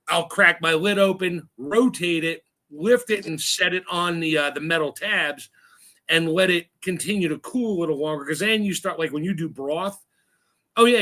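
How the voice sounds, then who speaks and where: Chatty high-voiced man host. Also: bright, forceful tone. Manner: chatty storyteller, laughs often, acts out sounds. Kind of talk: casual livestream chat.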